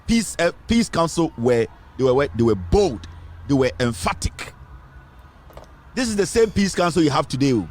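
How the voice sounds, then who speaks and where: Very animated and speaking at a moderate pace, a Ghanaian-accented man with a fairly high voice runs an online news show about politics. He mixes English with Twi, stresses his points hard, and repeats phrases.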